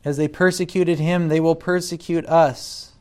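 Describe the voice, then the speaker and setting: A man preaching a sermon, deliberate, rising loud when he quotes scripture and dropping soft between points. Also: fairly high pitch, level tone. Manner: deliberate, swells loud on scripture then drops quiet.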